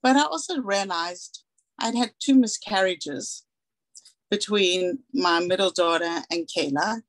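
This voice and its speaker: A woman's voice: medium pitch, slow pace, no echo, low-quality recording. A woman in her forties from South Africa, giving a candid, earnest personal talk as a guest speaker and acting out the dialogue she recalls.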